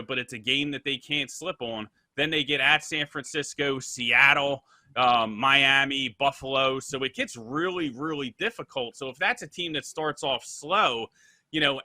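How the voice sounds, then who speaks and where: Measured male sports analyst, sharp dry voice. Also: medium pitch, dry recording. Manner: measured, breaks down a schedule with "you know" fillers.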